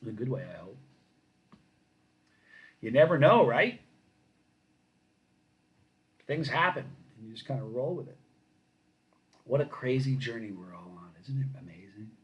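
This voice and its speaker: A middle-aged man hosting a casual live stream, reading viewer comments and telling lively stories that grow loud when he gets excited. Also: medium pitch, a little slow, pauses often, dull audio. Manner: animated storyteller, rising loud when excited.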